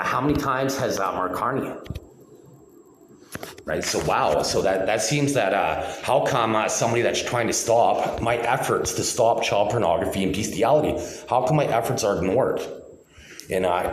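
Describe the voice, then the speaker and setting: A man's voice: on the low side, expressive, normal speed, a little hiss or hum. A man talking alone to the camera in a rambling monologue, firing repeated rhetorical questions and tagging his points with "right?". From Canada. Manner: repetitive, insistent rhetorical questions, trailing "right?". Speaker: video blogger. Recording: echoey room.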